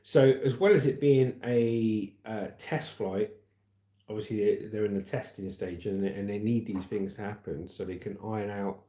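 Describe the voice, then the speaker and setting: A man's voice: lowish voice, steady tone, moderate pace, warm tone. A man in his forties hosting a casual livestream, reading out viewer comments and news with frequent laughs. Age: 40s. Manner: chatty, laughs often, reads comments aloud. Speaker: livestream host. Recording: echoey room.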